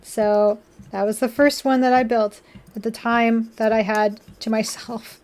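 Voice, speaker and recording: Brief: high-pitched woman streamer, casual and giggly, swears a lot, live chat. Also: level tone, a little slow, a little mellow. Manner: chatty, laughs often, swears casually. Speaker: livestreamer building model kits.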